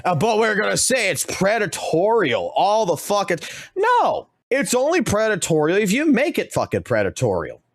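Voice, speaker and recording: Male game streamer, heated profane rant, fairly high voice. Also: huge pitch swings, moderate pace, few pauses, dry recording, studio quality. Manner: heated, heavily profane ranting. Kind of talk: ranting reaction commentary.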